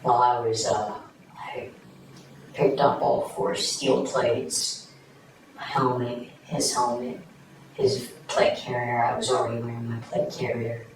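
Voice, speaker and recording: A man recounting events in a recorded police interview, speaking quietly and haltingly with many fillers. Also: mid-range voice, little pitch movement, gravelly. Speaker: suspect recounting a crime. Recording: echoey distant room mic with noise.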